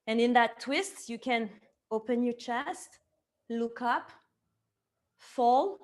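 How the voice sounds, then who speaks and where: A woman teaching a yoga class, calmly cueing each movement to the breath and gently offering options. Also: a little high, slow. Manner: calm step-by-step cueing tied to the breath. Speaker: yoga teacher and somatic therapist. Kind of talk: guided yoga class instruction.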